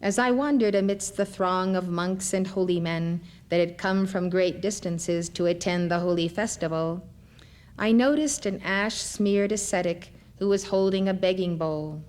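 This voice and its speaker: A man's voice: high-pitched, normal speed, clear, resonant tone, close to an everyday voice. A woman voicing a devout male disciple who speaks in a reverent, reflective way. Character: devout male disciple recalling a holy encounter.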